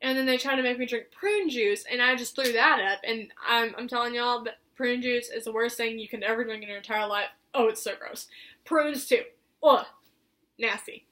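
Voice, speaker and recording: Bright high-voiced woman vlogger. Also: steady tone, fairly quick, hardly any pauses. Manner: chatty, heavy use of "like" fillers. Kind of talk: personal storytelling.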